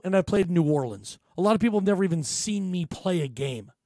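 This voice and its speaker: A man's voice: extremely high pitch, no echo, studio quality. A man voicing a grown male pro basketball star, talking in an earnest first-person plea and repeating himself.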